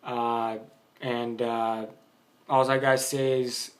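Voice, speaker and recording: A man's voice: medium pitch, level tone, slow pace. A man giving a casual, blunt boxing opinion monologue, rambling with many fillers. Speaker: boxing vlogger.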